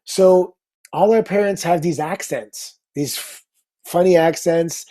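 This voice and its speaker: A middle-aged man, a guest on a talk show, telling a story in an upbeat, casual way with quick asides. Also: fairly high pitch. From Canada. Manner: lively anecdote teller, upbeat, quick asides.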